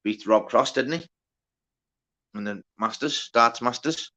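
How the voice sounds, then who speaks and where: A man's voice: mid-range voice, unhurried, pushed and bright. A man hosting a casual livestream, reading out the chat, greeting viewers by name and bantering with plenty of swearing. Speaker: livestream host.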